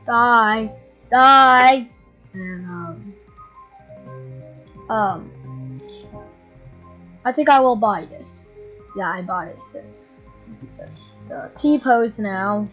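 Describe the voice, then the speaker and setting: A woman's voice: fairly high pitch, lively intonation, drawn-out words, long pauses, pushed and bright. A woman casually commenting on her gameplay, giggling a lot and breaking into playful squeals. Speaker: gamer. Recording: dull lo-fi audio with faint game music.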